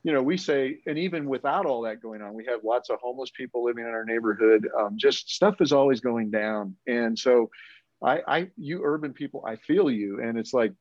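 A man's voice: medium pitch, brisk, darkish tone, no room sound. A man who helps start churches, telling a story in earnest, rambling conversation with many restarts. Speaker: church planting leader. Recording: muffled lo-fi audio.

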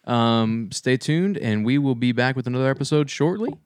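A man's voice: mid-range voice, moderate pace, clean tone, no echo, clean studio sound. A man co-hosting a casual podcast, joking with friends and wrapping up the episode. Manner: relaxed, jokey, wraps up the show. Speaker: podcast co-host.

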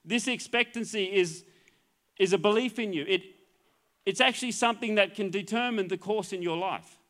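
A man's voice: high voice, normal speed, fairly bright tone. An Australian man, a middle-aged pastor, preaching a sermon in an earnest way, often repeating words and restarting phrases. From Queensland, Australia.

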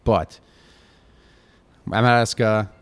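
A middle-aged American man from Connecticut, a chef telling stories in a relaxed interview, rambling and full of fillers like "like" and "you know". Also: lowish voice, slow, smooth. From Connecticut, USA. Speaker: chef, guest. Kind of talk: casual storytelling interview.

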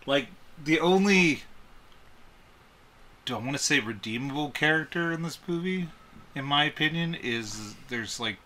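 Bright-voiced rambling man. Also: on the high side, expressive, a little slow, long pauses, a little hiss or hum. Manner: rambling, laughing, filler-heavy. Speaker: podcast co-host. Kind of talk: casual movie review chat.

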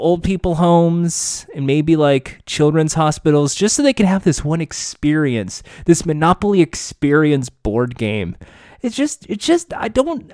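A sarcastic man rambles through the news in a fairly high voice, swearing freely as he riffs. The sound is dry and close, with no room around it. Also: a little mellow, clean tone, no room sound. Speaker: podcast host. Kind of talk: casual commentary reading news.

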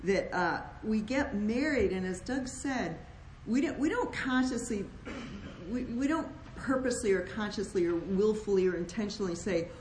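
A woman co-hosting a Christian talk on marriage, affirming and halting, with many restarts. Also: medium pitch, animated, darkish tone, reverberant, a little hiss or hum, rough recording. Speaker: co-host, wife of the other host.

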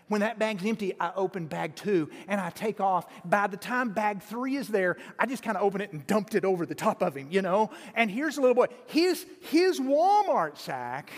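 A man preaching a sermon, telling a story in a folksy, animated way with frequent restarts, in a church sanctuary. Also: high voice. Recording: long hall reverb.

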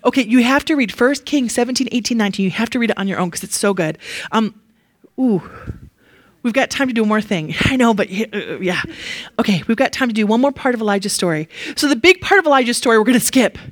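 A woman giving a casual, animated Bible lesson. She is chatty, laughs often and leans on fillers. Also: fairly high pitch, fast, dry recording. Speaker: Bible teacher.

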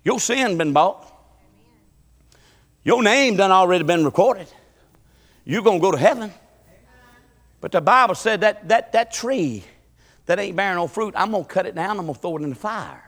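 A man preaches a sermon, his voice high and bright. He swings between loud shouts and hushed, low talk. The church sanctuary gives a long trailing reverb. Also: expressive, normal speed, pauses often. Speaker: pastor.

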